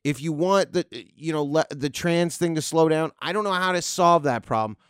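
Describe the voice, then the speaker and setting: A man's voice: a little high, moderate pace, fairly bright tone, smooth, no room sound, studio quality. A man hosting a podcast, ranting in a rambling, sarcastic, profane way. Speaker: podcast host. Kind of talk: comedic podcast rant.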